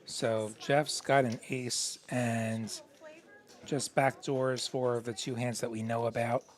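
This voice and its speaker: A man's voice: medium pitch, level tone, slow pace. A man doing live play-by-play commentary on poker, easygoing and analytical as he walks through each hand. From not from Texas.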